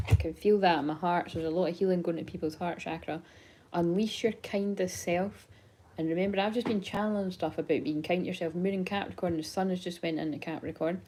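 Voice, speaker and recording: A woman's voice: sits low, warm tone, slight background noise, poor audio. A woman, a psychic tarot reader chatting casually on a live stream into her phone, rambling, swearing and laughing as she goes.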